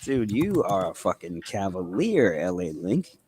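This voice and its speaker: Low-voiced New England man bantering casually. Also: sing-song, a little slow, a little mellow, slightly rough, no echo. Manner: profane, bantering, reads chat aloud. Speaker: livestream trading host. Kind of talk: casual live market chat.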